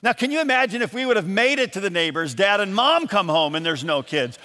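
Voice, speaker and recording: A man from Michigan preaching a sermon as pastor, telling a story in a lively, animated way and acting out the voices in it. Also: sits high, brisk, big-room sound, a little hiss or hum. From Michigan, USA. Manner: storytelling, animated, acts out calls and quotes. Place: church.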